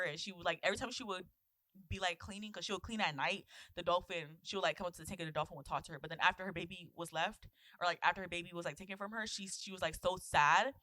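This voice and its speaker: A woman's voice: on the low side, steady tone, fast talker, pushed and bright, no room sound. A woman in her twenties co-hosting a podcast, rambling through a story in casual chat with a put-on British accent. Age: 20s. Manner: rambling, chatty storyteller with many fillers. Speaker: podcast co-host.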